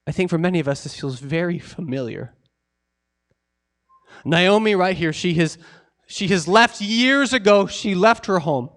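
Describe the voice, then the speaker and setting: Earnest high-voiced male pastor preaching. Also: lively intonation, unhurried, long pauses. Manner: earnest, emotional preaching with sudden drops to quiet. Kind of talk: sermon.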